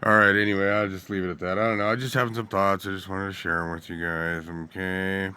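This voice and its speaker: A man's voice: sits low, flat delivery, quick pace, sharp tone, slight background noise. A young man ranting bluntly and profanely in a rambling casual monologue to his viewers. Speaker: vlogger.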